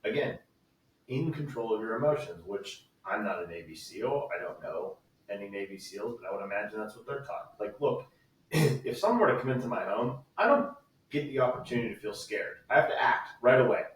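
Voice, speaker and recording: A man's voice: lowish voice, a little fast, far from the mic. Frank, swearing father in an echoey room. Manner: frank, swears freely, animated storytelling. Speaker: podcast guest. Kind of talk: casual podcast conversation.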